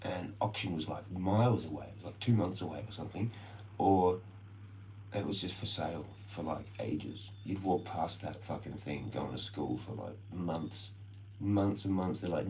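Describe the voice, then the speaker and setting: A man's voice: sits low, moderate pace, mellow, slight background noise, low-quality recording. An Australian man ranting casually on a live stream, rambling and swearing constantly in slang.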